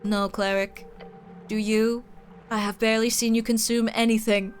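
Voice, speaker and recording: A woman reading a game's lines as a cold, formal female angel who speaks in a flat, emotionless way. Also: on the high side, moderate pace, faint music behind, close to an everyday voice. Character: cold monotone female angel, creature of light. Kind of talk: reading game dialogue aloud.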